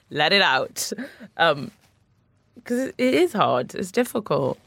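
A woman's voice: fairly low pitch, big pitch swings, slow pace, gravelly, a bit bright, dry recording. A woman, an author guest on a podcast, speaking openly and emotionally, laughing between heavy admissions. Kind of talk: candid podcast conversation.

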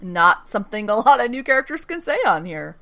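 A woman's voice: mid-range voice, very animated, fairly quick, creaky, a bit bright. A woman co-hosting a casual rewatch podcast, chatty, swearing freely and laughing often as she recaps scenes. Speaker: podcast co-host recapping episodes.

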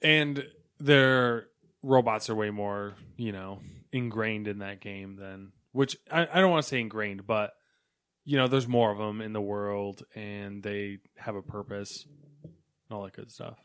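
A man's voice: lowish voice, unhurried, fairly bright tone, smooth, no echo, clean studio sound. A man co-hosting a podcast in laid-back casual chat. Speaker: podcast co-host.

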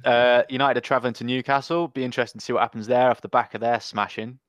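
A man's voice: medium pitch, fairly even intonation, fast, fairly bright tone, no echo. A young man hosting a casual football podcast, blunt and sweary, calling people mate. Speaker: podcast host.

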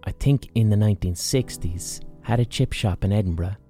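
A man's voice: fairly low pitch, normal speed, dark tone, soft background music. A man hosting a podcast, telling a history story in a casual, profane, jokey way and acting out the people he quotes. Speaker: podcast host.

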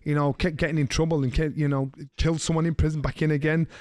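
A middle-aged man, co-hosting a podcast, telling a story in a lively way and slipping into the voices of the people he quotes. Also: a little high, fast talker, no echo, clean studio sound. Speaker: podcast co-host. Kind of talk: casual storytelling chat.

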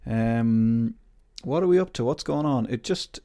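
A man's voice: medium pitch, expressive, unhurried, mellow, no echo, studio quality. A man hosting his podcast in a rambling, self-mocking casual chat. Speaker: podcast host.

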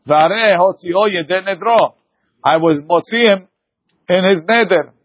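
A man teaching a lively Talmud class, arguing points back and forth with his students. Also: high-pitched, measured pace, breathy edge, no echo, lo-fi sound.

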